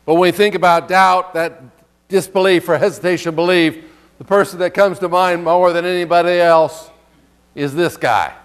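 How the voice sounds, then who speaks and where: A man with a notably high voice preaches a sermon in a relaxed, conversational way. He asks the congregation questions and reads scripture aloud between his own comments. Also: moderate pace, clear, resonant tone. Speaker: pastor.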